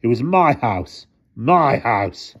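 A man reading a story aloud and voicing a frightened old man who pleads and cries out in a strained, much higher voice. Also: very animated, slow, husky, lo-fi sound, exaggerated voice. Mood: distraught. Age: older.

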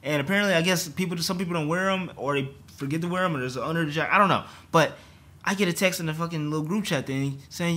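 A young man vlogging a frustrated, animated rant about his job, stumbling and restarting as he talks. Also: on the high side, quick pace. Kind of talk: ranting to camera.

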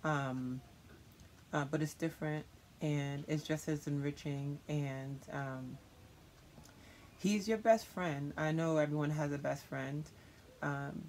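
A youth leader answering interview questions in an earnest, reflective way, often pausing with fillers. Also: mid-range voice, creaky, a little hiss or hum.

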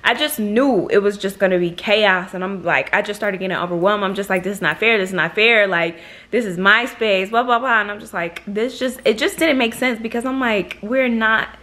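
A woman's voice: mid-range voice, fairly quick, bright, forceful tone. Young woman, casual storytime vlog, chatty, swears freely, acts out quotes, from Michigan. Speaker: vlogger.

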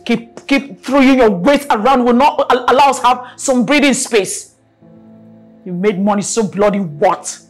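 A woman's voice: on the high side, measured pace, faint music behind. A middle-aged woman with a Nigerian accent playing a proud, domineering mother who scolds and scorns, repeating herself. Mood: furious. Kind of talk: film acting.

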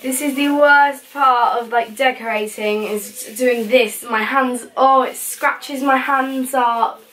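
A young woman chatting away to her handheld camera in a small bedroom, a touch out of breath. Her voice sits slightly high, and she rattles along quickly in a loose, rambling vlog manner. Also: fairly even intonation, a bit bright. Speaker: vlogger. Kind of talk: casual vlog chat.

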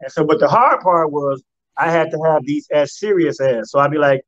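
A man's voice: on the high side, moderate pace, no echo, muffled recording. A male comedian telling stories in a laid-back, casual way as a guest on a radio talk show. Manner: laid-back storyteller who slips into mock voices.

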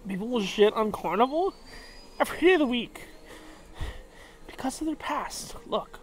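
A man's voice: very high voice, animated, moderate pace, a little hiss or hum. A drunk man vlogging aboard a cruise ship, rambling emotionally and swearing often. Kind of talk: casual vlog monologue.

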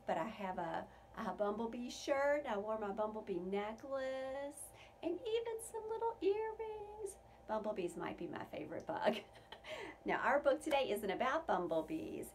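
A woman preschool teacher reading a picture book aloud to young children, asking them questions about the pictures. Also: mid-range voice. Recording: distant mic with faint room noise.

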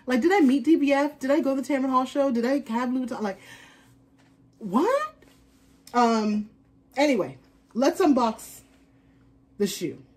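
A woman's voice: high-pitched, moderate pace, darkish tone. A woman chatting casually in an unboxing vlog, rambling on as a fashion vlogger.

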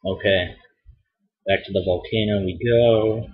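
A man's voice: lowish voice, fairly even intonation, measured pace. A young man from Illinois giving rambling, casual commentary as he plays a video game, swearing and groaning at his mistakes. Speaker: let's play host. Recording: dull lo-fi mic.

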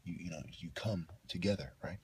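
A man delivering a rambling, combative monologue, swinging between loud outbursts and low muttering, preachy and full of profanity. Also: brisk, slight background noise. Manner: heavy profanity, slangy. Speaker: vlogger.

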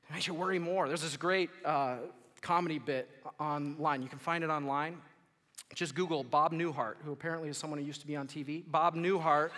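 Bright-voiced man preaching in a reverberant church. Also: on the high side, brisk. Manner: animated, acts out worried listeners and quotes with rising volume. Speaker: pastor. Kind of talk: sermon. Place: church sanctuary. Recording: long hall reverb of a church.

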